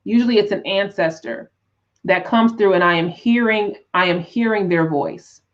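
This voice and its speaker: A woman teaching tarot on a live stream, talking in an unhurried, reflective way with frequent restarts and "right?" check-ins. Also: medium pitch, muffled recording. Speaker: tarot teacher and spiritual coach.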